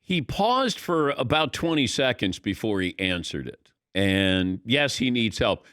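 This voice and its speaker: A man's voice: lowish voice, big pitch swings, a little slow, fairly bright tone, no echo, studio quality. A man hosting a sports talk radio show, giving conversational, opinionated commentary.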